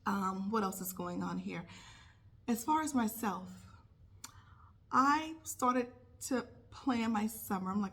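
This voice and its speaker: A woman's voice: medium pitch, animated, slow, fairly bright tone. A woman who is a nurse, telling a casual vlog story and acting out her own thoughts in quotes. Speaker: nurse vlogger.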